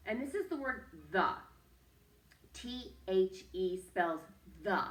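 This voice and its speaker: A woman's voice: mid-range voice, fairly bright tone, reverberant, far from the mic. A woman teacher leading a young children's phonics lesson, patient and sing-song, coaxing them to repeat after her. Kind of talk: early-reading phonics lesson.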